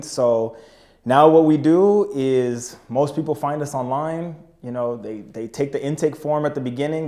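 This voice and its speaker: A man's voice: medium pitch, mellow. Laid-back young man telling stories with slang. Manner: laid-back, slangy, keeps saying "you know what I mean". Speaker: podcast guest, business owner. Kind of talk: casual storytelling chat.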